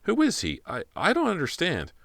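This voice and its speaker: A man's voice: wildly swooping pitch, normal speed, creaky, a bit bright, no echo, clean studio sound, heavily acted. A man voicing a panicked teenage girl. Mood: terrified. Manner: breathless, pleading, rising high in panic. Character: frightened teenage girl in danger.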